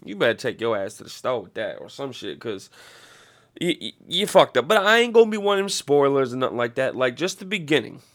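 A man's voice: mid-range voice, very animated, a little fast, a bit bright. A man hosting a podcast, ranting casually with heavy swearing and a rambling flow. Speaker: podcast host. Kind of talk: casual profane rant.

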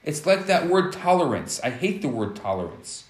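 A man gives an explanatory talk, acting out little scenes as he goes. His voice sits fairly high and moves a lot in pitch. The room adds a clear echo. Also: normal speed. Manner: animated, explanatory, acts out scenarios. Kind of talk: relationship teaching talk.

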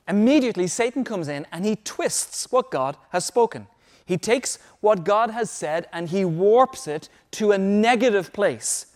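A man's voice: high voice, expressive, normal speed. A man preaching a sermon as pastor, emphatic, repeating key phrases so listeners can take notes.

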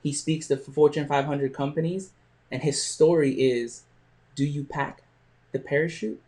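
A man hosting a podcast, telling a motivational story with frequent pauses and restarts. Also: a little high, steady tone, a little mellow. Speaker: podcast host.

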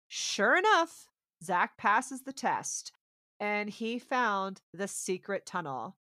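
Animated woman recapping a show. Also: medium pitch, a little slow, no room sound, clean studio sound. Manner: lively storyteller who acts out quotes. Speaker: podcast co-host. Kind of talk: casual chat recapping a TV episode.

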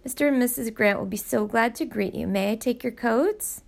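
A woman doing a booming formal butler. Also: normal speed, gravelly. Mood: grand announcing. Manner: loud, grand announcing. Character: booming formal male butler announcing guests.

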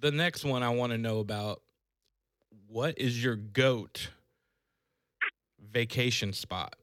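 A man hosting a podcast, at an average pitch. He chats in a relaxed way, laughs easily and jokes with his guest. The sound is dry and close. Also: slow, dry recording. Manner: laughs easily, friendly banter. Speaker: podcast host. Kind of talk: casual chat.

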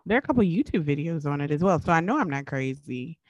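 A woman's voice: sits low, lively intonation, fast, dull audio. A woman co-hosting a podcast in casual chat, telling stories in a wry, emphatic way. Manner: chatty storyteller, wry and emphatic. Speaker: podcast co-host.

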